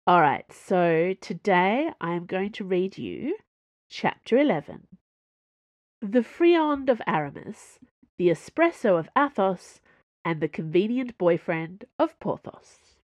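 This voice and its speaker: Expressive woman reading her own fiction. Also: lowish voice, unhurried, dry recording. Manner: expressive, animated storytelling.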